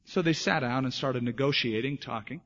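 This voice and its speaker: A man preaching a sermon as pastor, lively and emphatic, acting out the voices of people in his stories. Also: medium pitch, moderate pace. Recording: dull lo-fi sermon recording.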